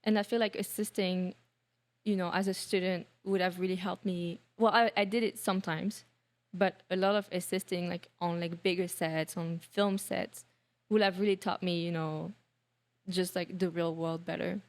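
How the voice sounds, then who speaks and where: A woman from France with a French accent, a guest on a podcast, talking in a relaxed, reflective way with frequent fillers. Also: on the low side, normal speed. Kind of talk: casual interview chat.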